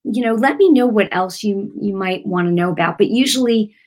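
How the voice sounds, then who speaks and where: A woman's voice: medium pitch, brisk, a little mellow. Casting note: middle-aged woman, earnest, chatty devotional teacher. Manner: earnest, conversational, repeats phrases with many fillers. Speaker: Christian teacher.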